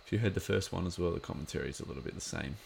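A man's voice: low voice, rapid-fire, gravelly, a little hiss or hum. A man giving a casual watch-along commentary of an episode, chatty and rambling with lots of filler words.

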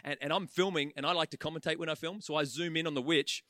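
A man of about forty delivers a sermon in a big auditorium, his voice high, bright and dry. He is an animated storyteller who keeps tossing playful asides at the listeners. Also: no echo. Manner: animated storyteller, quick humorous asides to the crowd. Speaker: pastor. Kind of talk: sermon to a live audience. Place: large auditorium.

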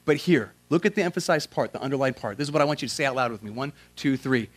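A man preaching a sermon as a pastor, in a casual, slangy way, swinging from loud emphatic questions to quiet, earnest prayer. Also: mid-range voice, lively intonation, fast.

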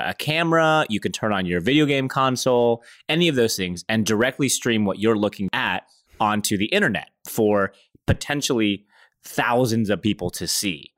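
A man co-hosting a casual podcast, joking and riffing with quick laughs. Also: fairly low pitch, a bit bright. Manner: joking, quick to laugh, riffs on the other host's lines. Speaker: podcast co-host.

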